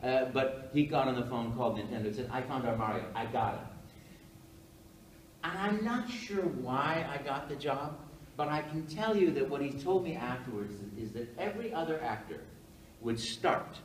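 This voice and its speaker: An older man giving a rambling, animated storytelling talk on stage as a guest speaker, acting out quotes as he goes. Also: medium pitch, normal speed, slight background noise. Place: hall at a live event. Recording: roomy hall echo, from far off, faint ambience.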